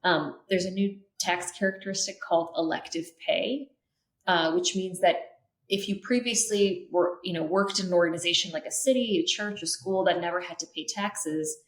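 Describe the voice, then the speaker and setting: A woman in her thirties from Minnesota talks through clean energy policy as a podcast guest, earnest and full of ums and self-corrections. Her voice sits a little low. The room around her gives a noticeable echo. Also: steady tone, normal speed. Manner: earnest, many filler ums and restarts. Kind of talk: podcast interview. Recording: roomy echo.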